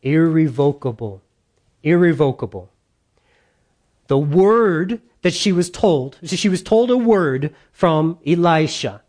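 Male pastor, sermon, slightly higher voice, repeats key phrases, conversational preaching. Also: expressive, slow, hardly any pauses, a little mellow.

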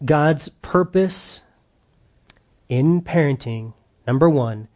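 A man's voice: medium pitch, takes it slowly, long pauses. A middle-aged man leading a humorous church parenting session for a live audience, telling stories and acting out his own outbursts. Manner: animated storyteller, acts out his own outbursts loudly. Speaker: parenting seminar speaker.

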